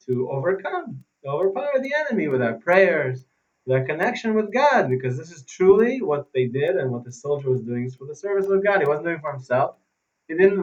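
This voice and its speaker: A man teaching an informal religious lesson as a rabbi, telling stories and repeating phrases for emphasis. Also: fairly high pitch. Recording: dull, muffled recording.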